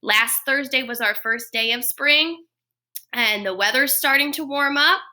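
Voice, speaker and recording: A woman's voice: high voice, a little slow. A woman, a first grade teacher, cheerfully reading a picture book aloud to young children. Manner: cheerful, expressive storytelling.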